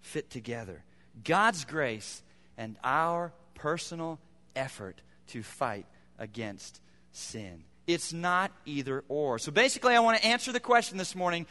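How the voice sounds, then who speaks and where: A man's voice: sits high, lively intonation, normal speed, pushed and bright, long reverb tail. A man preaching a sermon as pastor, emphatic and repeating phrases for effect. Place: church sanctuary.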